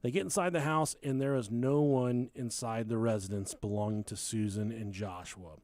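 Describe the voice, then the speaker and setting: A man's voice: medium pitch, normal speed, a little mellow, no room sound. A man hosting a podcast, chatting casually about a true crime case, joking and swearing as he tells it. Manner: joking, swears, quotes people in silly voices. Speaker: podcast host.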